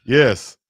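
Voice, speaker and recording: A man co-hosting a casual sports talk show, playful and quick to laugh. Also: no echo, studio quality. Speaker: co-host.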